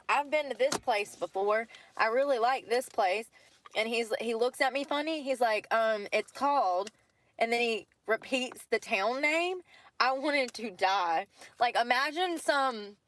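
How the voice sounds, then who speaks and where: A woman's voice: on the high side, fairly bright tone. A woman talking in casual chat from a parked car at night, rambling, laughing often and swearing freely. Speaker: vlogger.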